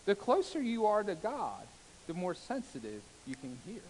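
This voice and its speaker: A man preaching a sermon as a pastor, swinging between loud exclamations and hushed soft passages, with calls of amen and hallelujah. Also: high-pitched, wildly swooping pitch, normal speed, a little hiss or hum, rough recording. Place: church sanctuary.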